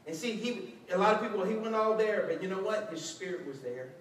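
A man preaching a lively sermon as a pastor, acting out quotes with shouts and laughter. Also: high-pitched, a little fast. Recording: echoey hall, distant mic, faint noise.

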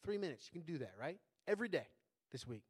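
A man's voice: fairly high pitch, big pitch swings, fast, breathy edge. A man preaching a sermon as a pastor in a conversational way, often checking in with tag questions.

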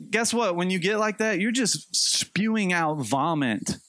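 A young adult man preaching a sermon, animated, acting out quotes as he goes. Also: measured pace, few pauses, no room sound. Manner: animated, acts out quotes with a jumpy pitch. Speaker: pastor.

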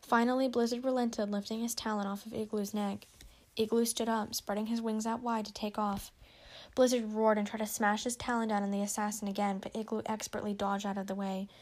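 A woman reading a storybook aloud with steady narration. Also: medium pitch. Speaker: reader.

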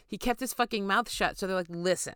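A woman co-hosting a podcast, retelling a story in casual chat, animated and swearing freely as she acts out quotes. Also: mid-range voice, fast talker, smooth, no echo, studio quality. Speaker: podcast co-host.

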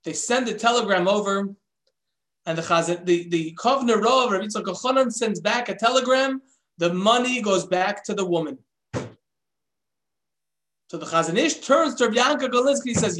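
Guy with a high voice telling a torah story, lively, sounds echoey. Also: moderate pace, pauses often, a little hiss or hum. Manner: animated storyteller, shifting voices for characters. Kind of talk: religious storytelling talk. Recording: echoey room.

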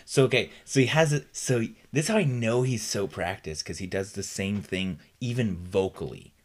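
A man's voice: fairly low pitch, normal speed. A man co-hosting a podcast, telling stories in a rambling way with many fillers and restarts. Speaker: podcast co-host. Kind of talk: casual chat.

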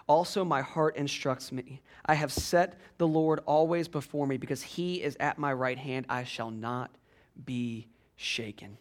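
A pastor preaching a sermon in a conversational way, often checking in with "right?" and swinging from quiet, measured phrases to raised, driving passages. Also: male voice, medium pitch, fairly even intonation.

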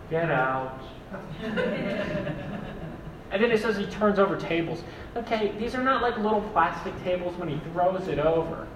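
A young man preaching a sermon as a pastor, animated and acting out quoted voices. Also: high voice, slight background noise. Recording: echoey hall, mic far off.

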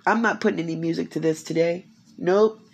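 A woman's voice: on the low side, brisk, vocal fry, breathy edge, highs cut off. A woman giving a spiritual encouragement talk at home, emphatic and repetitive, full of rhetorical questions. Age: 50s. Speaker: faith speaker. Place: quiet home.

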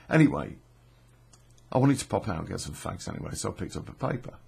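A man's voice: low-pitched, very animated, quick pace, vocal fry, darkish tone, breathy edge. A middle-aged man, telling a rambling true story casually, swearing freely and stopping often on fillers and restarts.

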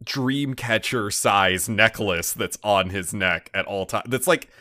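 Male podcast co-host, bright tone, dry mic, chatty recap with digressions. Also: lowish voice, slow, no echo. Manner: rambling, animated, many fillers and asides. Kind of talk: casual anime recap chat.

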